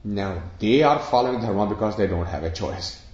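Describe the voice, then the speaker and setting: A man's voice: on the low side, animated, brisk, a little mellow. A man giving a spiritual discourse to an audience, explaining with everyday examples and questions. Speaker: spiritual teacher. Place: room with an audience of about sixty. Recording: echoey room, dull lo-fi sound.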